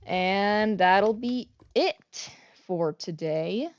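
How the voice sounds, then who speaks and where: Slow, rambling woman streamer, not a native speaker. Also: mid-range voice, muffled recording. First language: not English. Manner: rambling, self-mocking, swears casually. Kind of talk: casual game-stream chat.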